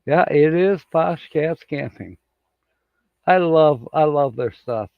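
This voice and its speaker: A man's voice: on the high side, lively intonation, takes it slowly, gravelly, dry recording, phone-quality sound. A man hosting a casual livestream, reading out viewer comments and chuckling often as he rambles along. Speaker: livestream host. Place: home studio with green screen.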